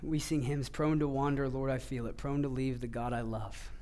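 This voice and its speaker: A male pastor preaching a sermon, earnest, rising to emphatic passages and dropping to hushed low ones. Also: flat delivery, normal speed.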